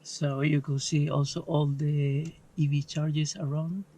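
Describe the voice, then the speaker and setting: A man's voice: on the high side, level tone, a little slow, mellow. A man from Chile with a Spanish accent, chatting hesitantly from the driver's seat of a car. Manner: hesitant, lots of fillers, laughs easily. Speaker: car owner guest. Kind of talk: casual chat. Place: inside a car.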